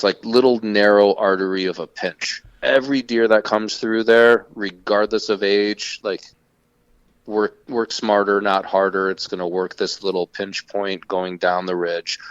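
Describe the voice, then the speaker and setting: Low-voiced man telling a profane story. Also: smooth, dry recording. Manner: profane, animated retelling. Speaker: podcast co-host. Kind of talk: casual storytelling. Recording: dull lo-fi sound.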